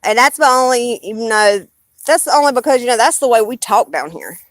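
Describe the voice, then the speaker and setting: A woman's voice: fairly high pitch, lively intonation, fairly quick, no echo. A woman with a Southern US accent chatting casually on a live stream, rambling and blunt, swearing freely.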